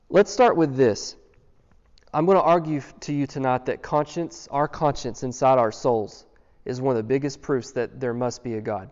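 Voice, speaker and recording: Earnest preacher in a reverberant hall. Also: male voice, medium pitch, a little mellow, clear, resonant tone. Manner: earnest, emphatic preaching with rhetorical questions. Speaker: pastor. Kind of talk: sermon. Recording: dull sound with long hall reverb.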